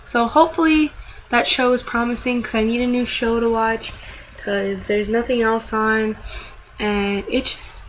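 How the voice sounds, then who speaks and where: A woman's voice: a little high, slight background noise, rough recording. A young woman vlogging casually, rambling and venting with frequent swearing and self-deprecating asides.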